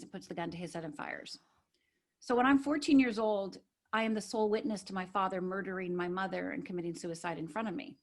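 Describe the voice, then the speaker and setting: This woman from Upper Michigan, USA, has a medium-pitched voice. She's a life coach on a podcast telling her own story, earnest and emphatic, regularly checking in with "right?"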